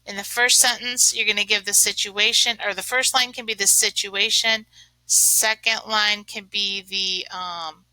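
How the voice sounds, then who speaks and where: A woman's voice: mid-range voice, fairly even intonation, measured pace, bright, forceful tone, no room sound, low-quality recording. A woman teaching a remote lesson, chatting and thinking aloud as she writes, with many fillers. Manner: chatty, uses lots of fillers. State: sneezing from allergies.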